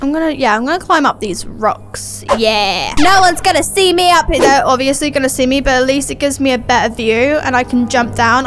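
A young woman with a high, bright voice talks her viewers through a scary game in a jumpy, nervous way. Clear game music plays behind her. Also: expressive, moderate pace, few pauses. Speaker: gaming YouTuber. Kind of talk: excited gameplay commentary.

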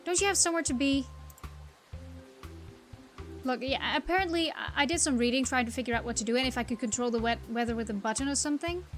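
A young woman talks through a game with chatty, wry asides. Her voice sits high, and faint game music runs underneath. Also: very fast, few pauses. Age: young adult. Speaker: game streamer. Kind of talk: let's-play commentary.

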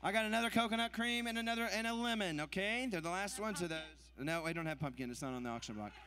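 A man working as auctioneer at a church fundraiser, rolling off bids in a quick rhythmic chant and teasing the crowd. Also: high voice, pushed and bright. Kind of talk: live charity auction calling.

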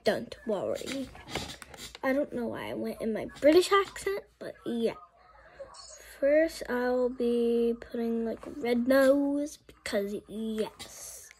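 A woman's voice: a little high, animated, slow pace, a little mellow, slight background noise, low-quality recording. A woman chatting casually through a makeup tutorial, rambling and mocking herself, often trailing off. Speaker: makeup vlogger.

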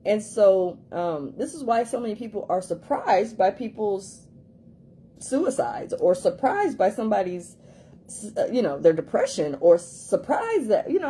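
A woman's voice: medium pitch, sing-song, a little slow, warm tone, a little hiss or hum. A woman life coach giving an emphatic motivational talk, repeating herself for emphasis and acting out quoted voices.

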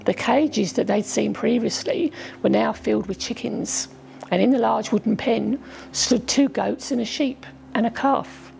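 A woman from England narrating a children's storybook aloud, gently voicing the characters' lines as she goes. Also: a little high, unhurried, gravelly, a little hiss or hum, poor audio. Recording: faint music behind.

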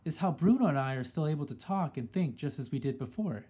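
An eager, excitable young boy who has been turned into a mouse, read by a man. He pleads and pushes his point in a slightly higher voice with some huskiness to it. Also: fast, husky.

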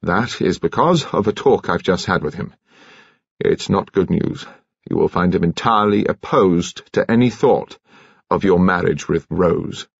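A man's voice: deep voice, gravelly, slightly rough, no echo, dull audio, exaggerated voice. A man voicing a grave, miserable old colonel. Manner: subdued, measured, grave. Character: troubled older male colonel, grave and miserable.

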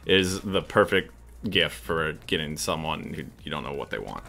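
Low-voiced guy co-hosting, chatty and jokey, swoops around a lot. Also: expressive, moderate pace, gravelly, pushed and bright. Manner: chatty, laughs often, jokey. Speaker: co-host. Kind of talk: casual chat while building.

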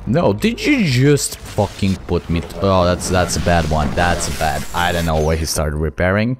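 A young man giving excitable, profane let's play commentary, taunting enemies as he plays. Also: sits low, moderate pace. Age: young adult. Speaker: gaming channel host. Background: game music.

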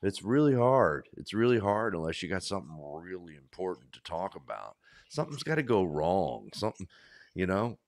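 A man talking casually about his own show in a halting way with many pauses and fillers. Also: low-pitched, sing-song, gravelly, no room sound, clean studio sound. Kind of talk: casual chat.

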